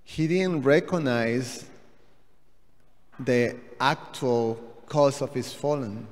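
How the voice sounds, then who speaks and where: Brief: man, audience member, very slow and halting, long hall reverb. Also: medium pitch. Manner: halting, many fillers and restarts. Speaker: devotee commenting in class. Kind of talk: hesitant spoken comment. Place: temple hall.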